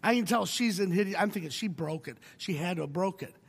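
Man, pastor, middle-aged, high-pitched, wry storytelling sermon, reverberant church. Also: fast talker, gravelly, slightly rough. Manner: storytelling, wry humor, shifts between hushed and emphatic.

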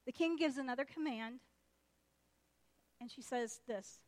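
High-voiced woman preaching a story. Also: unhurried, long pauses. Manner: animated, chatty, acts out voices. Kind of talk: sermon storytelling.

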